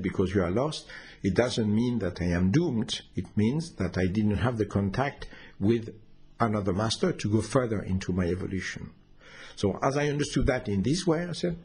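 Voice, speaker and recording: A man tells a personal story off the cuff, hesitating and restarting as he goes. His voice sits fairly low and is strongly husky, yet his pitch swings up and down with lively energy. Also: normal speed. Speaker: osteopath telling a personal story. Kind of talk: unscripted storytelling.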